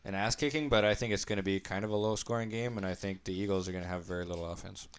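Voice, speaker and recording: A man's voice: on the low side, rapid-fire, smooth. A man co-hosting a casual comedy podcast, joking crudely and talking football picks. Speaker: podcast co-host. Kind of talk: casual comedic sports chat.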